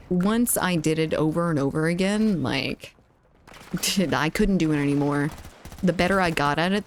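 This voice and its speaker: A woman streaming a game, chatting casually and giggling as she reads chat aloud. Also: low-pitched.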